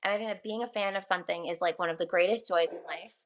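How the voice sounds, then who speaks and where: A woman's voice: lowish voice, fast talker. A young woman, a radio host, talking casually and earnestly on a podcast. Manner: chatty, earnest, laughs often.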